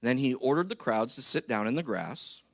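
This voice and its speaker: A man's voice: mid-range voice, expressive, normal speed, gravelly, dry recording, studio quality. Chatty man preaching a sermon. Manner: chatty, jokey, keeps checking in with the congregation. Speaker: pastor. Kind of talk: conversational sermon. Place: church.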